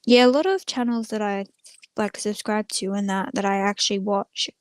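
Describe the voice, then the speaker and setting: A woman's voice: mid-range voice, moderate pace, no room sound. Woman just chatting on a home live stream, wanders off topic a lot, lots of likes and ums, dry close sound. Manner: rambling, many filler words, chatting to viewers. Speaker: small channel live streamer. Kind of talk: casual live stream chat. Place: room at home with the door closed.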